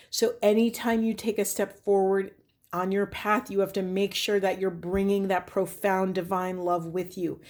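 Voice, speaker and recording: Woman doing a spiritual card reading, kinda musing out loud, lots of ums, earnest and pleading with viewers. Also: mid-range voice. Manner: reflective, musing, thinks aloud with fillers. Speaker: tarot reader. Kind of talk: spiritual tarot reading to camera.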